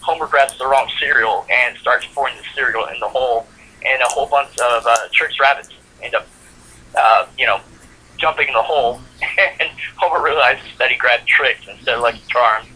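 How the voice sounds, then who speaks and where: A man's voice: mid-range voice, normal speed, pushed and bright, slightly rough, rough recording. A man co-hosting a podcast, casually recapping a cartoon episode with lots of fillers. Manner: rambling plot recap with frequent fillers and laughs. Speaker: podcast co-host. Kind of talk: casual chat.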